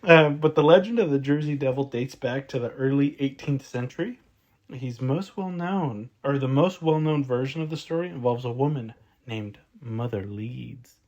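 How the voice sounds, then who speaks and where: A man co-hosting a podcast in casual chat, joking, rambling and quick to apologize. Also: medium pitch, darkish tone, highs cut off. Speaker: podcast co-host.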